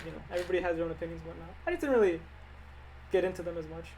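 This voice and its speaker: A man's voice: fairly high pitch, very fast, a little mellow, a little hiss or hum, rough recording. A young man streaming live as an animator, answering viewer questions in an offhand, rambling, joking way. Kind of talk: casual livestream chat answering viewer questions.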